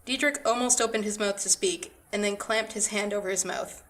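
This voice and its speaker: A woman's voice: mid-range voice, fairly even intonation, fairly quick, a bit bright. Woman reading her own story aloud. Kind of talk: scripted narration.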